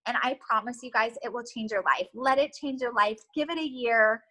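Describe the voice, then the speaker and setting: High, bright earnest woman cheering on. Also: moderate pace, poor audio. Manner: earnest and emotional, many ums. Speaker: team leader giving a training. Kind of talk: motivational pep talk.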